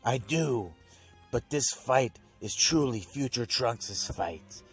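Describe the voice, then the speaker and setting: A man's voice: mid-range voice, animated, slow, husky, soft background music. A man voicing a proud stern warrior.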